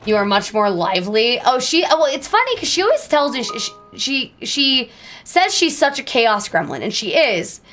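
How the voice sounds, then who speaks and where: A young woman streaming live, chatting casually with viewers in a bubbly, self-deprecating way and breaking into squeaky exclamations. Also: big pitch swings, moderate pace, fairly bright tone, soft background music.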